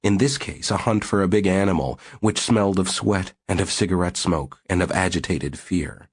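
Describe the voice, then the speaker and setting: A man reading a novel aloud as audiobook narrator in a steady, measured way. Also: low voice, slightly rough. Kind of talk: scripted narration.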